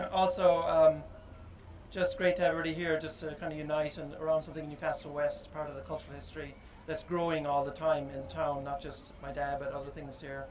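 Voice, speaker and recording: A man giving an informal public speech at a statue unveiling, halting and reflective, with frequent pauses and fillers. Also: a little high, little pitch movement, background noise. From Ireland.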